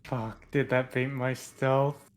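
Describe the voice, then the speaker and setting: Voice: medium pitch, level tone, slow. A player at a tabletop game, talking casually in a playful way with some swearing. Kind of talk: casual tabletop gameplay talk.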